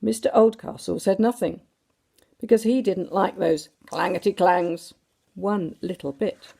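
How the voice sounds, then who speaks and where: A woman reading a storybook aloud to children in an animated way, doing sound effects and asking the listeners questions. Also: mid-range voice, a little slow, vocal fry, breathy edge.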